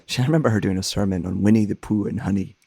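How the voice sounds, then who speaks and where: He's a minister and songwriter with a fairly low, creaky, mellow voice that moves very fast. In a reflective conversation, he talks earnestly and thoughtfully, his tone soothing yet scratchy, and now and then he searches for the right words.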